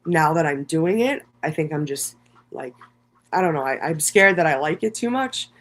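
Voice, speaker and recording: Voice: medium pitch, lively intonation, normal speed, a bit bright. Emotional, profane livestream monologue. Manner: emotional, rambling, heavy swearing; many fillers and restarts. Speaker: content creator.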